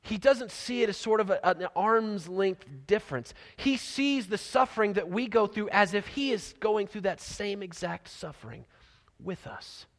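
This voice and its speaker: A man preaching a sermon, telling the story with animated energy and dropping to soft near-whispers for emphasis. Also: high voice, normal speed. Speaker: pastor. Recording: long hall reverb.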